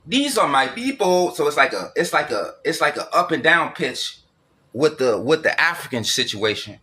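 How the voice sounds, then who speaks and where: A man's voice: medium pitch, lively intonation, moderate pace, pushed and bright. A man giving a blunt, profane solo monologue, repeating and circling back over his points.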